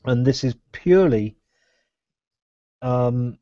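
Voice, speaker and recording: A man's voice: mid-range voice, moderate pace, warm tone, no echo. A man hosting a live podcast, rambling casually and laughing often. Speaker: podcast host. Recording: dull lo-fi live stream audio.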